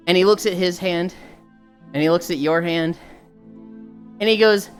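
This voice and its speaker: A woman's voice: fairly low pitch, moderate pace, pauses often, smooth, soft background music. A young adult woman streamer ranting casually and profanely to her live chat.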